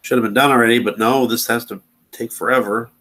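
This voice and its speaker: A man talks loosely over his screen as he clicks through videos, grumbling at a slow computer. His pitch sits in the ordinary middle range for a man. He rambles from one topic to the next. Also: steady tone, a bit bright, low-quality recording. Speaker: channel host. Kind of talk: casual commentary while browsing videos.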